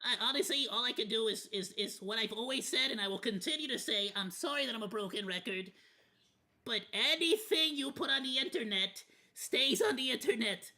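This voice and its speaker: A man's voice: very high voice, fairly quick, bright, forceful tone. A man streaming a watch party, rambling through casual commentary in a candid, loosely profane way. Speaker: VTuber streamer.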